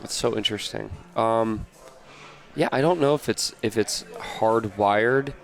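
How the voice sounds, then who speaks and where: Rambling, low-voiced American man. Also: unhurried, gravelly. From United States. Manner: rambling, many fillers and restarts. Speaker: podcast guest, entrepreneur. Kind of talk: casual interview chat.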